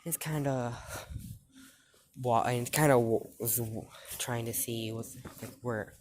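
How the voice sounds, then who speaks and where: A woman's voice: very deep voice, slow, a little mellow, slight background noise. A woman telling a fan story in a casual, rambling way, full of fillers and restarts.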